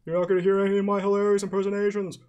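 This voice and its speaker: A man's voice: high-pitched, flat delivery, rapid-fire, a little mellow, clear, resonant tone, highs cut off, pitched above the performer's own voice, natural voice. A man voicing a zany, hammy male teacher who rambles in a giggly, manic way.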